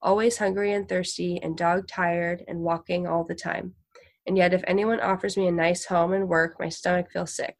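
A woman voicing a frail, husky eighteen-year-old boy of the road, blunt and fierce. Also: lowish voice, close to an everyday voice.

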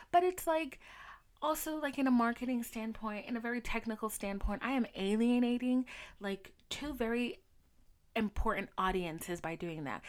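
Candid, swearing young woman podcaster. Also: fairly high pitch. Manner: candid, profane, animated storytelling. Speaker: podcast host. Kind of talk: casual solo podcast chat.

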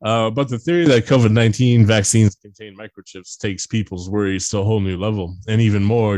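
A man's voice: lowish voice, steady tone, brisk, hardly any pauses, a little mellow, no room sound. A man hosting a casual podcast, reading an article aloud and breaking off with sarcastic, swearing asides. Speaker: podcast host.

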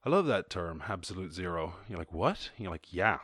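A man's voice: low voice, lively intonation, fairly quick, fairly bright tone, slightly rough, dry recording, clean studio sound. A man with an Irish accent hosting his show, casually commenting on a video in a loose, profane way with frequent laughs. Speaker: host.

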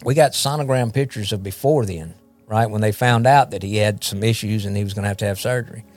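A man's voice: lowish voice, fast, a little mellow, no room sound, faint music behind. A man shares his personal testimony as a podcast guest, rambling and repeating words as he talks. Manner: rambling, repeats words, often asks "you know what I mean?". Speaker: guest, recovery ministry leader.

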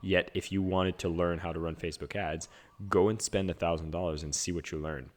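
A man's voice: sits low, steady tone, fairly quick. A man talking casually on a video call, coaching others in an earnest, searching way with many fillers. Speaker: business coach.

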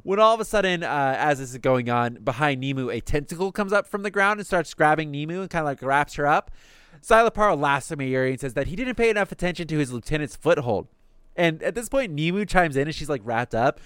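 A man's voice: fairly high pitch, lively intonation, fast talker, fairly bright tone, clean tone, dry recording, clean studio sound. A man casually recapping anime episodes on a podcast, cursing freely and slipping into the characters' lines. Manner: swears casually, acts out quotes in passing.

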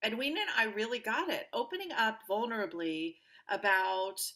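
A woman guest on an interview podcast, telling personal stories in an upbeat, animated way and acting out the voices of people she quotes. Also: a little high, moderate pace. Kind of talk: conversational interview storytelling.

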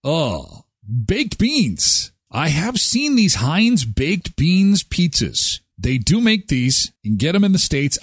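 A man hosts a live show in a loose, joking way, reacting loudly as he talks. His voice is a bit husky and on the higher side, and it swings up and down in pitch. The room sounds dry and close. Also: no room sound. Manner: animated, exclaiming and joking. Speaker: host of live daily show. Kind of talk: casual live-stream chat.

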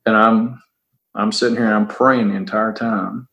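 A middle-aged man, a police officer, telling a personal story in a halting, earnest way, often repeating words and starting over. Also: on the low side, fairly even intonation, gravelly, a bit bright, dull audio.

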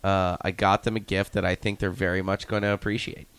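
A man's voice: sits low, flat delivery, fairly quick, fairly bright tone, clean tone. A man, a hockey coach, chatting casually on a radio show and telling easygoing stories. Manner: easygoing storyteller who acts out quotes.

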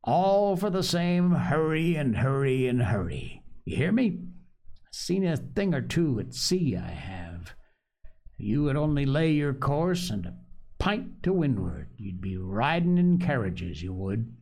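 A man's voice: mid-range voice, big pitch swings, unhurried, a little mellow, voice pushed up. A man voicing a sly, scornful old pirate cook who talks in a growling pirate dialect. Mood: lecturing.

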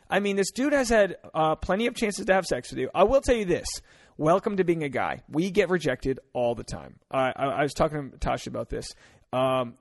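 A man from Rhode Island hosting a comedic advice podcast, talking in a blunt, crude, joking way and acting out little scenes. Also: fairly high pitch. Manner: blunt, crude, jokey, acts out voices. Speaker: podcast host.

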